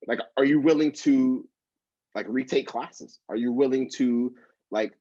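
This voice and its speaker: A man's voice: mid-range voice, measured pace, dark tone, no echo, dull audio. A man hosting an interview, talking casually and encouragingly to listening students, with many fillers and repeats. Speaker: podcast host and co-founder. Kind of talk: interview and motivational talk.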